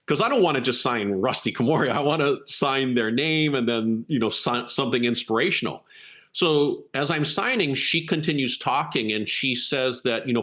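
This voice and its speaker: A man's voice: medium pitch, moderate pace. A man, a keynote speaker and executive coach, telling an earnest story as an interview guest and acting out the quotes. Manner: earnest, animated storyteller who acts out quotes.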